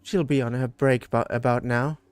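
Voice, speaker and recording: A man voicing an emotional young woman in a game, halting and gentle. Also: mid-range voice, fairly even intonation, smooth, no room sound, natural voice. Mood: tearful.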